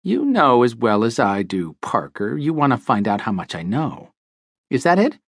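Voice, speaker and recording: A man voicing a wiry, chipper aging male small-time crook in an audiobook, rusty and quick to take offense. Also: huge pitch swings, slightly rough, dry recording, clean studio sound, full character voice. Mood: smug. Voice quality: rusty, nasal, high. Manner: wheedling and easily offended. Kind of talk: audiobook character voice.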